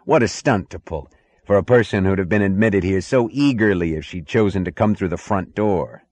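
A man reading aloud, voicing a blunt, gruff, muscular man. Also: deep voice, normal speed, a little mellow, dry recording.

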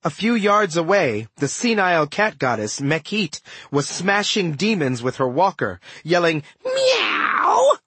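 A man narrates a first-person adventure story with lively swings in pitch. His voice is slightly breathy and a bit high for a man. The studio sound is close and dry. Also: a little slow, few pauses, no room sound. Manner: animated, expressive storytelling. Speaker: audiobook narrator.

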